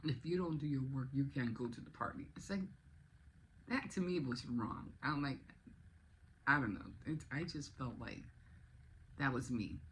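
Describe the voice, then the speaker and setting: A woman's voice: very deep voice, lively intonation, moderate pace, long pauses, slight background noise, low-quality recording. A woman in her sixties chatting casually in a vlog, rambling along with many restarts. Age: 60s. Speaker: vlogger. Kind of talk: casual chat.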